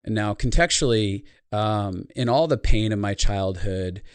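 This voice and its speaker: Earnest low-voiced man telling a story. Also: measured pace, clean tone, no room sound. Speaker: speaker and life consultant. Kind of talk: podcast conversation.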